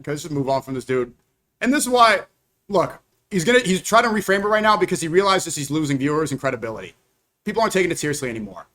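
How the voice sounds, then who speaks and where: A man's voice: fairly high pitch, sing-song, very fast, a bit bright. A young man streaming live, firing off combative, accusatory rebuttals to clips in a heated reaction commentary.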